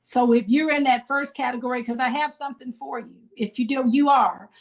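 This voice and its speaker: High-voiced woman leading a grief group. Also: a little fast, vocal fry. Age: middle-aged. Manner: call-and-response, preacherly encouragement. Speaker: grief ministry leader. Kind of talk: leading a support group on a video call. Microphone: video call.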